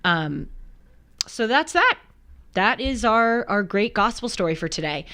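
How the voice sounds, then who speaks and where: A woman hosting a talk show, mixing scripture commentary with lively, laughing, chatty asides. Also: mid-range voice, a little slow. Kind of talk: casual commentary with scripture reading.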